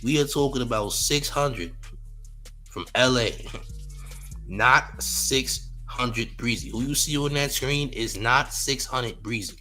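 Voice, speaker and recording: Male host reacting to a clip; unhurried, bright, repeats lines in disbelief, light music underneath. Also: mid-range voice. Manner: incredulous, repeats phrases, laughs often. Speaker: commentary show host. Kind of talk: casual reaction commentary.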